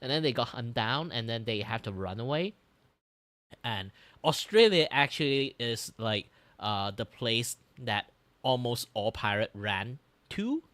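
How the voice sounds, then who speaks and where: A streamer reacting to a video in casual chat, rambling and leaning on filler words. The voice swings through a lively pitch at mid height. It is recorded dry and close. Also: measured pace, dry recording. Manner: rambling, heavy use of "like" fillers.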